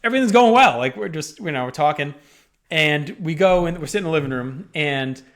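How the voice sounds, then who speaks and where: Casual male podcast co-host, fairly high voice, animated storyteller who swears freely. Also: a little fast.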